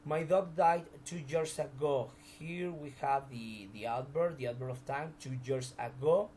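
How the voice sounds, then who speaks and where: A man's voice: medium pitch, unhurried, mellow, a little hiss or hum, poor audio. A man teaching a recorded grammar lesson, explaining examples step by step with frequent restarts.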